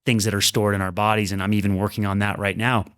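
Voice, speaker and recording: A man's voice: on the low side, level tone, a bit bright, no room sound, studio quality. A man and former pro tennis player, a podcast guest, reflecting earnestly on his career in candid storytelling. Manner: earnest, reflective, talks in quick bursts.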